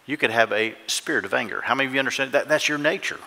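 Man, pastor, fervent sermon, questions the congregation, bright tone, long church reverb. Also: medium pitch, quick pace, hardly any pauses. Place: church sanctuary. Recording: echoey church hall.

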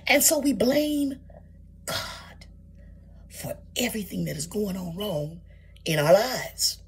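Breathy lady preacher, slow and drawn out, pitch swings all over. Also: very animated. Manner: addresses listeners as saints, rhetorical questions. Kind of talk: sermon.

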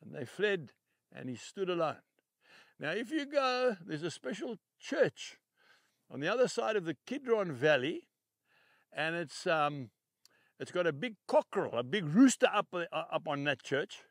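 An older man preaching with a high, lively voice that rises and falls. He is emphatic and repeats key phrases, dropping soft and then swelling loud. The sound is close and dry. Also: measured pace, no echo. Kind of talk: televised sermon.

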